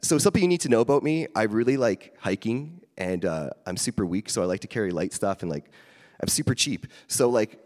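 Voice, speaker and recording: A fairly low-voiced man preaching casually from the front of a church, telling stories on himself with easy humor. His voice rings out with a long reverb, as in a large hall. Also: fairly quick. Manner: chatty, self-deprecating storyteller, animated in anecdotes. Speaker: pastor. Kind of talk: casual sermon with stories and jokes.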